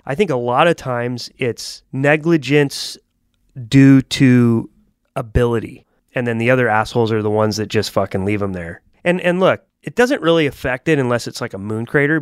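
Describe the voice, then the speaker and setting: Male podcast co-host, smooth clear voice, dry mic, blunt and profane opinions. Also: medium pitch, no room sound. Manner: blunt, swears freely, opinionated. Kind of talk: casual chat.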